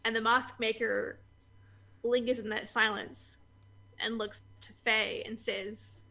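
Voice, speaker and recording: A woman's voice: on the high side, little pitch movement, slow, creaky, pushed and bright. A woman narrating a tabletop game as game master, descriptive and full of fillers.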